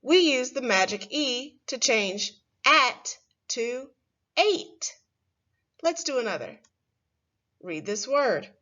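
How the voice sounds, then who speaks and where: A woman teaching a first grade phonics lesson, speaking slowly and clearly and stretching words for young children. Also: a little high, very animated, pushed and bright, lo-fi sound.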